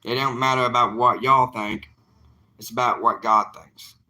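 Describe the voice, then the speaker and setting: A man's voice: mid-range voice, fairly even intonation, moderate pace, bright, forceful tone. A young man, an evangelist talking casually to his livestream viewers in an earnest, plainspoken, defiant way.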